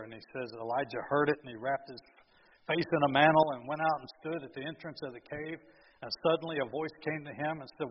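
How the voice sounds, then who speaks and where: A man preaching a sermon, telling a story in a folksy way that swings from loud to hushed. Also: mid-range voice, fairly even intonation, normal speed, slight background noise. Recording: dull echoey hall from a distance.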